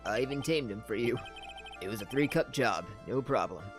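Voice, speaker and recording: A woman voicing a cool, smug masked male prosecutor who speaks low, smooth and unhurried. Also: expressive, music in the background.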